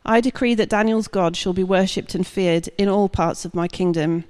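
A woman's voice: mid-range voice, moderate pace, a little mellow, lightly acted. A woman reading scripture aloud, voicing an ancient male king in a plain, lightly voiced way. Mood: proclaiming. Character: ancient male king, troubled then proclaiming.

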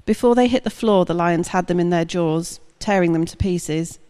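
A woman reading a long scripture passage aloud at a steady, measured pace. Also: lowish voice, clean tone, in a large hall. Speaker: scripture reader.

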